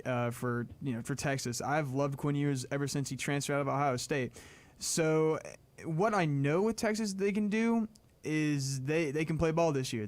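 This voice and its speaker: A young man co-hosting a college sports radio show, making his pick in a chatty, jokey way. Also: mid-range voice. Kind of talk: casual sports talk.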